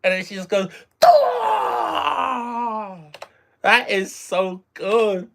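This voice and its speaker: A streamer casually reacting live to a game, excitable, repeating phrases and exclaiming. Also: medium pitch, unhurried.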